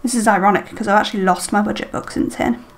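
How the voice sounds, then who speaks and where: A woman's voice: medium pitch, steady tone, quick pace. A woman chatting casually to herself as she decorates a planner, full of ums and little questions. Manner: chatty, self-talking while decorating, many ums. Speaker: planner vlogger. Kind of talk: casual plan-with-me chat.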